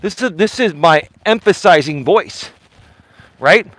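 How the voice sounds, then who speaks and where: A man livestreaming while he walks outside, filming himself with a phone on a selfie stick. His voice sits high, and the sound is dry and close with no room around it. He speaks with insistent emphasis and keeps circling back to repeat his points. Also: lively intonation, measured pace, a bit bright, no room sound, rough recording. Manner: emphatic, repetitive, addressing someone directly. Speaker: vlogger host. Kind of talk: live-streamed walking vlog. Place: outdoors, walking in the cold.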